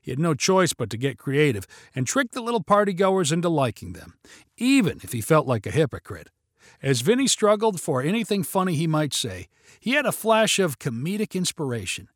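An animated man reading a story aloud, his pitch lifting and dipping with each scene. His voice is a touch high for a man and recorded dry and close, with no room sound. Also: fairly quick, no room sound. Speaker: narrator. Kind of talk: storybook narration.

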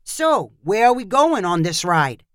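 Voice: medium pitch, very animated, measured pace, a bit bright, clean tone, dry recording, clean studio sound. A storyteller voicing a large, nervous male tourist from Boston on his first horse ride. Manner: anxious, questioning.

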